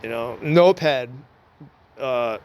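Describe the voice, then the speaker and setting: A former computer repair shop manager records a rambling, profane, aggrieved monologue. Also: male voice, mid-range voice, takes it slowly, darkish tone, clean tone.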